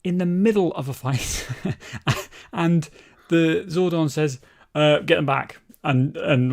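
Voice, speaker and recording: A man co-hosting a podcast in casual, animated chat, swearing and laughing as he talks. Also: on the high side, slow. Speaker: podcast co-host.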